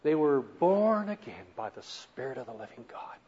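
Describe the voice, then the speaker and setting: A man preaching a sermon as a story, animated, moving from soft to loud. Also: mid-range voice, normal speed, husky, lo-fi sound.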